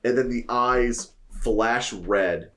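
A man's voice: very slow, fairly bright tone. Man loosely talking through a story idea. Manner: loose, hesitant pitching with "you know" and "like". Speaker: podcast co-host. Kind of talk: casual chat.

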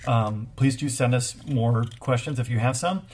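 Earnest, halting man giving parenting advice. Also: mid-range voice, a little mellow. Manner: earnest, thoughtful, halting restarts. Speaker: co-host, parent. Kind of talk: casual advice chat.

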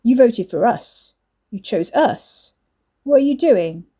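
A woman's voice: on the high side, lively intonation, takes it slowly, warm tone, slightly rough, lo-fi sound, voice pushed up, heavily acted. A woman voicing a brutish young man bully, blunt and needling.

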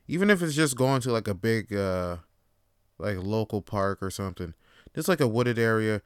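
A man's voice: on the low side, expressive, normal speed, smooth, no echo, studio quality. Blunt, swearing young man. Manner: rambling, profane and blunt. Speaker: podcast host. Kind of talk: casual monologue. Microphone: close mic.

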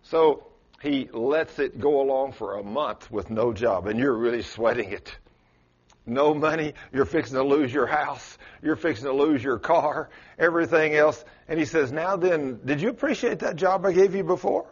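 A man's voice: mid-range voice, measured pace, slightly rough. A man preaching a sermon in a church, folksy and storytelling, with Southern turns of phrase. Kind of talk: folksy sermon with acted-out quotes. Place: church sanctuary with congregation. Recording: dull lo-fi church recording.

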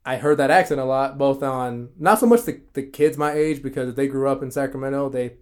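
A young man co-hosting a casual podcast chat, hesitant, pausing with fillers and correcting himself. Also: medium pitch, a little mellow. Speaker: podcast co-host.

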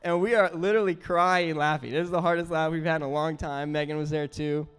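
A man preaching a sermon as pastor, telling stories in an earnest, animated way. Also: a little high, a little fast, clean tone. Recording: roomy hall with faint music.

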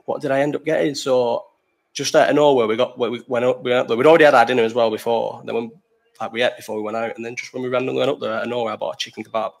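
A man's voice: medium pitch, fairly even intonation, very fast, creaky. A young man hosting a live chat, rambling through a festival story, swearing freely and breaking off to answer the chat. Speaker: livestream host.

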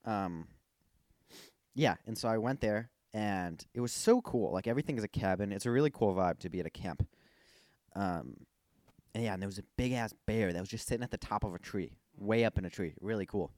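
A man's voice: fairly low pitch, fairly quick, darkish tone, no echo, studio quality. A young man in casual chat, making wry, teasing remarks. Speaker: podcast co-host.

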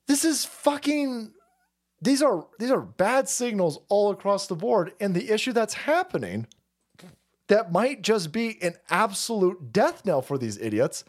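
A man's voice: high voice, very animated, measured pace. A man streaming a profane political rant, repeating himself and cursing heatedly. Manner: foul-mouthed, repetitive, heated.

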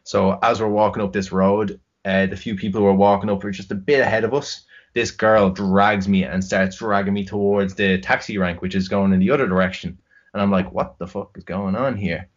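A man's voice: fairly low pitch, level tone, a little fast. A young Irish man telling a rambling, sweary story in casual chat. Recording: dull lo-fi recording.

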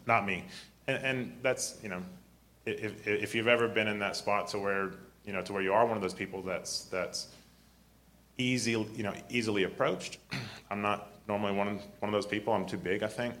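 A man preaches a sermon in a deep, grumbly voice with a somewhat low pitch. He clears his throat often and restarts his sentences as he goes. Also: fairly even intonation, normal speed, a bit bright.

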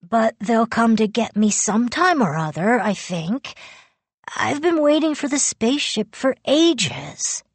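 A woman voicing a quiet, serious young boy who believes he is an alien, speaking in a calm, earnest, matter-of-fact way. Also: on the high side, unhurried, breathy edge, dry recording, voice pushed up, full character voice. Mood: gentle, resigned.

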